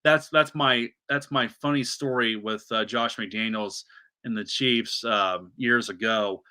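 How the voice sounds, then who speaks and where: A man's voice: mid-range voice, fairly even intonation, slow, bright, forceful tone, clear, resonant tone. A man hosting a solo sports podcast, ranting animatedly with many restarts and asides.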